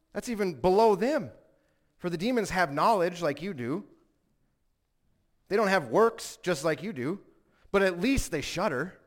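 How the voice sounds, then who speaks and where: A man preaching a sermon in an earnest way, rising to emphatic peaks and telling stories with quoted voices. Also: fairly high pitch.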